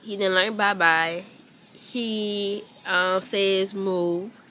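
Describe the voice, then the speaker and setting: A woman's voice: mid-range voice, steady tone, drawn-out words, pushed and bright, slight background noise. A young woman, vlogging casually as a mother, rambling and emotional with many fillers. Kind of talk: casual vlog talk.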